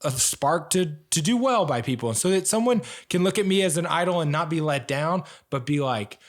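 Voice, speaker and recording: Brief: young male podcaster, lively self-mocking storyteller, casual chat delivery. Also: on the high side, a little fast. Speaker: podcast co-host, ninja athlete.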